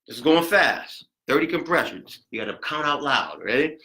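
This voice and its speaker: A man teaching a CPR class, chatty and rambling, counting compressions out loud and getting out of breath. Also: fairly high pitch, expressive, moderate pace, hardly any pauses, low-quality recording. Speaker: CPR instructor. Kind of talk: hands-on class demonstration.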